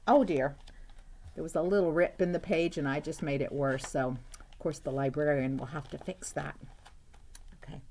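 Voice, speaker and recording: A woman's voice: deep voice, a little mellow. A woman teacher reading a picture book aloud to children, chatty and asking them questions, with frequent "uh-oh"s.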